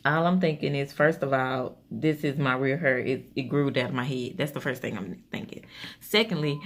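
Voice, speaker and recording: A woman vlogger, chatting casually while doing her makeup and telling an exasperated story in animated, sassy bursts. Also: a bass voice, moderate pace.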